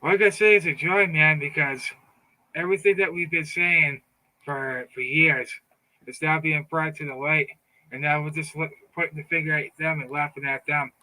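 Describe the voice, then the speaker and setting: A middle-aged man speaks in a fired-up, taunting monologue, with a bright, forceful, cutting edge to his voice that sits a little high. He stumbles and repeats words as he pushes on. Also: fairly even intonation, normal speed, low-quality recording. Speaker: political commentator. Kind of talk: casual monologue.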